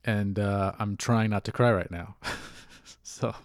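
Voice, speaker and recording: A man's voice: fairly low pitch, steady tone, a little slow, dry recording, studio quality. A man hosting a casual solo podcast, rambling candidly, swearing freely and laughing at himself. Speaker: podcast host.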